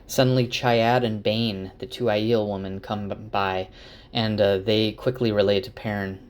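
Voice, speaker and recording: A man's voice: on the low side, steady tone, normal speed. Man casually recapping a fantasy novel. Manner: rambling with fillers and self-corrections. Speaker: book summarizer. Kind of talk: casual spoken book recap.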